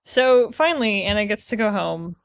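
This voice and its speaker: A woman's voice: mid-range voice, expressive, normal speed, gravelly, no room sound, clean studio sound. A woman co-hosting a comedy podcast, casually recapping a novel with a lot of laughing. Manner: laughs often, summarizes the plot. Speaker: podcast co-host. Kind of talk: casual chat recapping a book.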